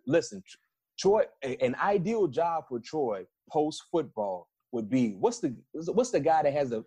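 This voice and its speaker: A middle-aged man from South Florida, a former football player, telling lively stories in a casual interview and acting out the quotes. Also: fairly high pitch, husky, dry recording. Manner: animated, repeats and restarts, acts out quotes.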